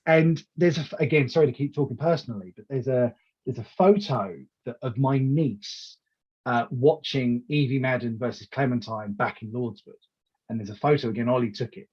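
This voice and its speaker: A man in casual interview chat as a wrestling promoter, telling animated stories full of restarts and acted-out quotes. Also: medium pitch, normal speed, breathy edge, lo-fi sound. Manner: animated storyteller who acts out quoted lines, with many restarts.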